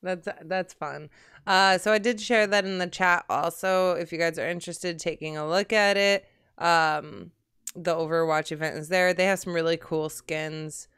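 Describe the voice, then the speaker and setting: A lowish, smooth-voiced woman hosts a relaxed gaming talk show, chatting loosely and laughing easily. The sound is dry and close to the mic, with no room around it. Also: moderate pace, no echo. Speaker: podcast host. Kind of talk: casual gaming chat on a livestream.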